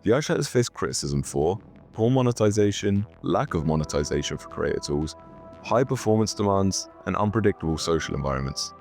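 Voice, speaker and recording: A man's voice: deep voice, lively intonation, a little fast, darkish tone, faint music behind. A man hosting his own video, reading a scripted commentary with sarcastic, mock-serious asides. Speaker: YouTube host.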